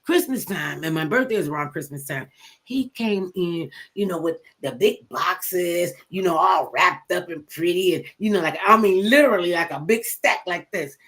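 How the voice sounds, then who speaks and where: Speaking at a normal speed in a voice on the low side, an older woman hosting a talk show tells stories. Her chat is casual, blunt and animated, and she acts out the quotes.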